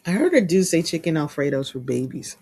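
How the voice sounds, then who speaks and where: A woman co-hosts a podcast in slow, teasing chat, her low voice husky and full of swings. The sound is close and dry. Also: very animated, darkish tone, no room sound. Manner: teasing, laughs often. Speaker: podcast co-host. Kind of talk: casual chat.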